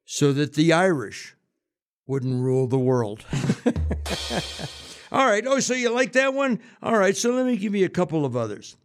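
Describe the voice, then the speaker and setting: A man's voice: sits high, big pitch swings, measured pace, long pauses, faint music behind. Chatty joke-telling male host. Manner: chatty, jokey, laughs at own jokes. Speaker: radio host. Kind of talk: casual storytelling and joke-telling.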